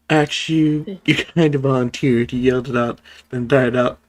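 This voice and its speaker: A streamer chatting casually over a game and reading its cutscene lines aloud in quick voices. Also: medium pitch, steady tone. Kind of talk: casual let's-play chat with voiced readings.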